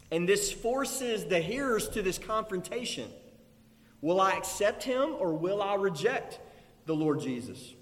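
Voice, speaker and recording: A man preaching a sermon, emphatic, building to loud declarations. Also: high voice. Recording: long hall reverb.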